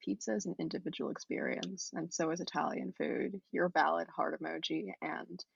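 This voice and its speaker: A woman co-hosting a casual podcast, teasing her co-host with deadpan jokes. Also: sits low, moderate pace, gravelly, slight background noise. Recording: dry, slightly muffled lo-fi recording.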